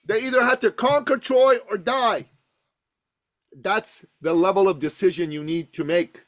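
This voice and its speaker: A man's voice: sits high, unhurried, fairly bright tone. A man, a business coach on a podcast, telling stories and giving advice in an emphatic way, repeating words for stress. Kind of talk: energetic storytelling advice.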